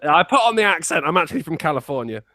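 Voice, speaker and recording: A man's voice: on the high side, very animated, fast talker, sharp tone, dry recording, clean studio sound. An English man, a guest on a live podcast, bantering brashly with lots of swearing and laughter. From England. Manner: brash, profane, laughing often.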